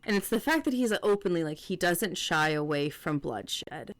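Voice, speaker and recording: Woman co-host, lowish voice, casual book chat, halting restarts, close dry mic. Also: expressive, no echo. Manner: restarts often, paraphrases characters in quotes. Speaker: podcast co-host.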